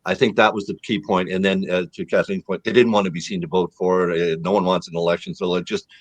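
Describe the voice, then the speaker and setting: A man on a political panel, analyzing a vote in a measured way. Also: low-pitched, level tone, dry recording.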